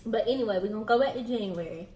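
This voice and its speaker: A woman's voice: medium pitch, very fast, warm tone, echoey room, slight background noise, poor audio. A young woman with a Southern US accent, a bit out of breath, chatting casually with viewers while eating. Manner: chatty, addresses viewers directly. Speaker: vlogger host.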